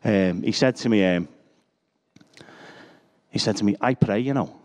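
A man's voice: fairly low pitch, measured pace, a little mellow. A middle-aged man, preaching a sermon full of personal stories and self-deprecating jokes. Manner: chatty, self-deprecating, joking asides.

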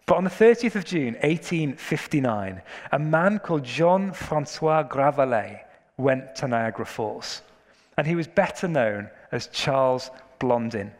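A man preaches a sermon in a fairly high voice. He tells stories and builds to emphatic questions. His voice rings with a long reverb through a church hall.

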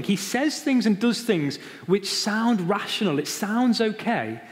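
A man preaching a sermon, stressing key phrases and repeating them slowly. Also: sits high, in a large hall. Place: church.

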